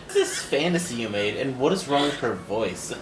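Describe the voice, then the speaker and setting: Man, co-host, casual chat, deadpan quips, echoey room, hiss. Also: medium pitch, moderate pace.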